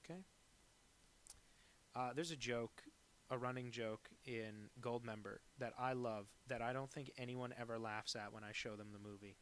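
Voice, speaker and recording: A man's voice: medium pitch, fairly even intonation, moderate pace, fairly bright tone. Man chatting casually, swearing freely. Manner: rambling, joking, freely swearing. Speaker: cartoonist streaming live drawing. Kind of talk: casual chat.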